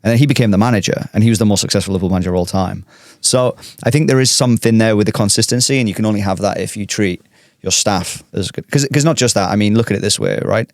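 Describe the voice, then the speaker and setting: A man's voice: fairly low pitch, fast, no room sound, studio quality. A man hosting a casual podcast chat, talking in a rambling way with many restarts.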